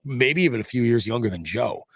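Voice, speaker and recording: A man's voice: medium pitch, lively intonation, a little fast, no echo. A congested middle-aged man hosting a podcast, chatting casually in a rambling, profane, joking way. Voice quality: stuffy, nasal. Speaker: podcast host. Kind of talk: casual chat. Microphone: studio mic.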